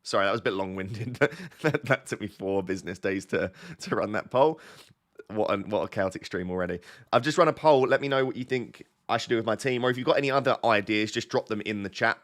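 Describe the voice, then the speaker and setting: A man with a slightly low voice, talking casually on a live stream as he thinks aloud to his viewers. He rambles and pokes fun at himself, and he sounds a little bunged up. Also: a little fast. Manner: rambling and self-deprecating, thinking aloud to chat. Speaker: fantasy football streamer.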